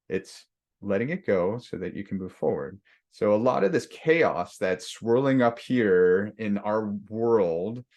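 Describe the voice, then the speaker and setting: A male leadership coach with a low voice talks through a workshop lesson. He is loose and conversational, restarting his sentences and acting out the griping voice in people's heads. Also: darkish tone. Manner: conversational, acts out inner voices with many restarts.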